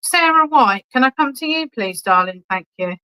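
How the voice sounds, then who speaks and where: A woman's voice: medium pitch, expressive, brisk, pushed and bright, clear, resonant tone, rough recording. A woman working as a medium, giving chatty, reassuring clairvoyant readings at an online church service and calling people darling. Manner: chatty and reassuring, keeps checking in with "okay?"; affectionate, calls people darling. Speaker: spiritualist medium.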